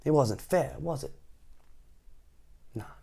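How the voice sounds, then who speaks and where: Male storytime reader, playful and animated, unhurried delivery. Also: medium pitch, gravelly, slightly rough. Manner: animated, playful, asks the listener questions. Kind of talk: reading a picture book aloud.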